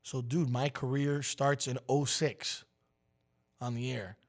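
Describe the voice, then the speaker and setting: This man in his forties talks slowly in a mid-range voice as co-host of a radio show. Telling a story in relaxed chat, he's a lively narrator who loudly performs the lines people spoke.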